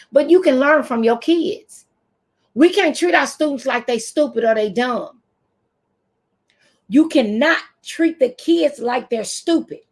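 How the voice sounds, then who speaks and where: A woman in her fifties from the United States, talking to camera as a teacher trainer in an animated, preacherly way with AAVE speech. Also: fairly high pitch.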